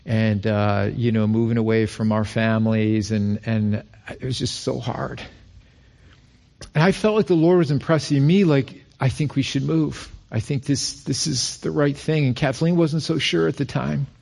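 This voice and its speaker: A middle-aged male pastor from Rochester, New York, preaching a sermon and acting out quoted lines with rising pitch. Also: moderate pace, creaky, a little mellow.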